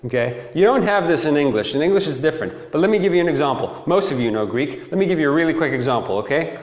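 A man giving a casual, animated Bible teaching sermon, talking in a conversational way and repeating key phrases for emphasis. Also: a little high, quick pace. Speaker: preacher teaching through a Bible letter. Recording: echoey hall with long reverb.

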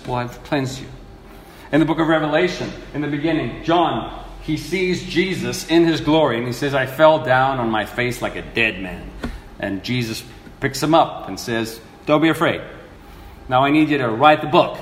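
A man preaching a sermon, earnest and animated, acting out the people he quotes. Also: medium pitch, moderate pace, a little hiss or hum. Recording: echoey hall with faint ambience.

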